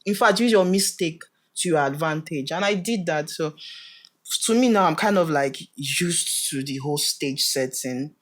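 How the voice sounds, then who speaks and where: A man's voice: a little high, animated, normal speed, a bit bright. A Nigerian man chats as a guest on a podcast. He tells his stories with animation and acts out other people's lines as he goes. He laughs often while he talks. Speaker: guest actor. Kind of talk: casual podcast interview. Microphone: podcast studio mic.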